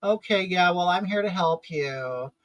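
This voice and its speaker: A calm, evasive male mortuary director as a man puts him on, speaking a little lower and softer, with a flat, placating tone. The sound is close and dry. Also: measured pace, no echo. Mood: guarded.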